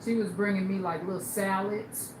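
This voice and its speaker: A blunt, animated woman telling stories on a livestream, switching into voices for the people she quotes. Her voice sits in a middle range. The room is echoey, and steady background noise runs underneath. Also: mid-range voice, moderate pace. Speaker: livestream host. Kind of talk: casual storytelling on a livestream.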